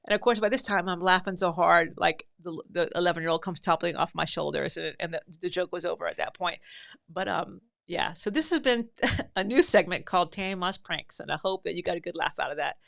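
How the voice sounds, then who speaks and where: A woman hosting a podcast, telling a funny story in an animated way, acting out voices and often breaking into laughter. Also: on the low side, fairly quick, vocal fry. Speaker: podcast host and mother. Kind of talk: comic storytelling.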